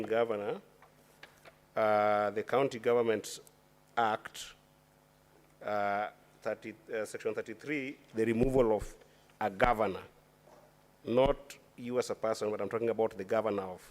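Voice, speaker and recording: Formal man, low voice. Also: steady tone. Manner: deliberate and formal, often restarting phrases. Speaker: senator questioning a witness. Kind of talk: formal questioning at a hearing. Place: committee hearing chamber.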